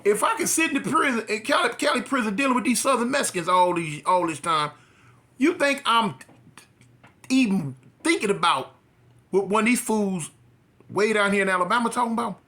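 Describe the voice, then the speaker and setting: A man from California, a former prisoner, telling his story in a casual way and acting out the dialogue. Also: brisk. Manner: animated, acts out dialogue with rising pitch.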